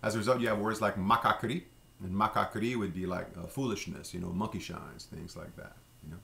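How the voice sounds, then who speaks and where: Guy teaching words, lowish voice, kinda gravelly, slow and easygoing with lots of ums. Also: steady tone, sharp tone. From Louisiana. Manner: unhurried, with many fillers and slow repeated pronunciations. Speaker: French language teacher. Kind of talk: relaxed vocabulary lesson.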